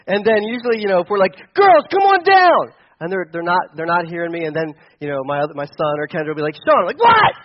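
A man's voice: on the high side, steady tone, very fast, few pauses, no room sound, dull audio. A young man preaching a sermon as a pastor, conversational and storytelling, with frequent restarts. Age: young adult.

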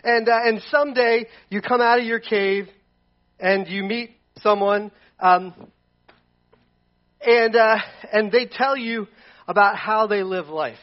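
A man's voice: sits high, steady tone, takes it slowly. A man preaching a casual, humorous sermon, rambling and playful and often restarting his sentences. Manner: rambling and playful, with self-corrections. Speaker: pastor. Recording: dull lo-fi recording.

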